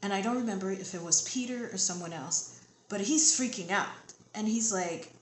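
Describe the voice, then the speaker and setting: Brief: calm tarot reader, woman, soothing and repetitive, echoey room with faint noise. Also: mid-range voice, normal speed. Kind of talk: channeled tarot reading.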